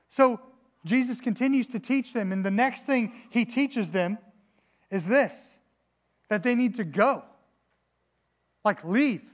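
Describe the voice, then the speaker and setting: A man's voice: very high-pitched, slow, long pauses. A man preaching a sermon in an earnest, searching way, often restarting and repeating words and acting out quotes. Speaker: pastor.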